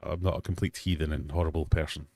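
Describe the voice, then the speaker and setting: Deep-voiced Scottish man hosting a livestream. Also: fairly even intonation, fast, darkish tone. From Scotland. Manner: jokey, self-deprecating banter with chat. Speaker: livestream host. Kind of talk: casual livestream chat and quiz. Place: home fish room.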